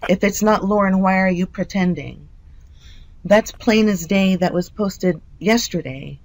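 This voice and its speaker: A person speaking earnestly on a private late-night phone call. The voice is of middling pitch, and the tone stays apologetic and reassuring throughout. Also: a little slow, no echo. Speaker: caller.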